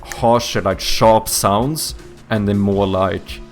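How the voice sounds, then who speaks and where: Low gravelly man with a light Swedish accent. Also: steady tone, slow, soft background music. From Sweden. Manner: rambling, searches for words, swears casually. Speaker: streamer and indie game developer. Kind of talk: casual live-stream chat with viewers.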